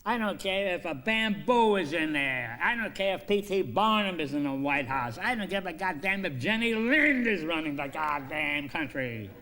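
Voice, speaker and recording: A man's voice: on the high side, expressive, normal speed, few pauses, bright, forceful tone, pitched above the performer's own voice. Man voicing greedy, swaggering male profiteer; blunt and profane. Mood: cynical. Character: greedy cynical male war profiteer, shameless.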